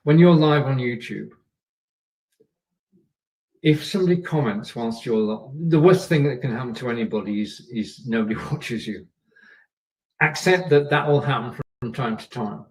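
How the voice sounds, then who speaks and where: A man's voice: mid-range voice, moderate pace, long pauses, distant mic, poor audio. Man coaching live, a bit off-mic. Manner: chatty, repeats points, checks in with "yeah" and "okay". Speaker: live show host. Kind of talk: coaching talk on a live stream. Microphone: camera and microphone.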